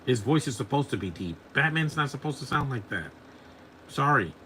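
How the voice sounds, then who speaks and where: A forties-aged man hosts a podcast where he comments live on a movie, his mid-range voice bright, forceful and expressive at a moderate pace. He rambles bluntly through one complaint after another, with slight background noise behind him.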